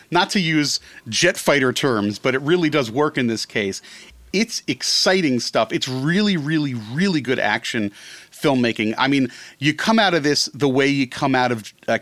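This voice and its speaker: A man talking as a guest in a casual podcast chat, animated and rambling, often correcting himself mid-sentence. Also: medium pitch, no echo. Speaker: film critic guest.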